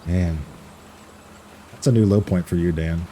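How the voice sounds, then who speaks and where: A man's voice: low-pitched, unhurried, pauses often, mellow, slight background noise. A man streaming a farming game, chatting casually, reading chat aloud, swearing freely and laughing easily.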